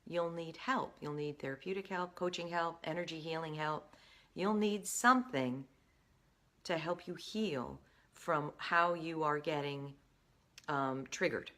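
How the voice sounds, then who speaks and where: Low-voiced woman giving emphatic advice. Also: a little slow, fairly bright tone. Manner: earnest, emphatic, addresses viewer directly. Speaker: career coach. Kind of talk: direct-to-camera advice talk.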